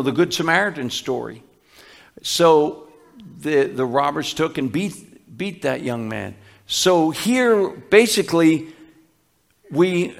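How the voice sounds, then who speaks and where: A man preaches in an unhurried, teaching way, slowing down to lean on each quoted verse. His voice sits a little high for a man, and he often restarts a phrase mid-thought. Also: vocal fry. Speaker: pastor. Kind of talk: sermon.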